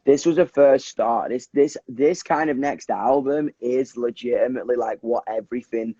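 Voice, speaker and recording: Excitable young British man, husky voice. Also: mid-range voice, normal speed, no echo, highs cut off. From England. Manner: animated, swears a lot, many restarts and fillers. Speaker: musician guest. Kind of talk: casual livestream chat. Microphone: phone on a video call.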